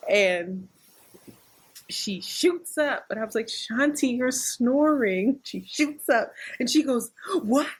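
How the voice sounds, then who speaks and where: A woman chatting on a podcast as one of its hosts. She tells stories with frequent laughter and puts on voices for the people she quotes. Her pitch sits in the middle of the range. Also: fairly bright tone, husky. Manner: laughing storyteller, acts out quotes. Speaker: podcast co-host. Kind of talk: casual podcast chat.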